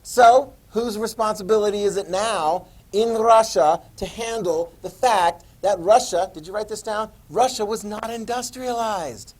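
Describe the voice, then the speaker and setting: A man teaching a history class, quizzing students with questions and joking asides in an animated lecture. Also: sits high, measured pace, hardly any pauses, rough recording.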